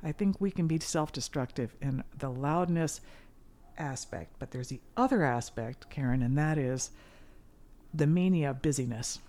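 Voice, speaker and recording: A middle-aged woman talking as a guest musician in a casual interview, earnest and animated. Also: sits low, normal speed. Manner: earnest and animated, with sudden loud mimicry.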